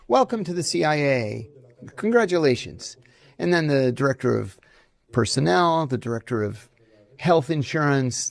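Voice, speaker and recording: Man, middle-aged, raspy gravelly voice, lively anecdotes, faint background music. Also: mid-range voice. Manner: animated anecdotes, acts out quoted dialogue. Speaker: former intelligence officer, guest. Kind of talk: storytelling interview answers.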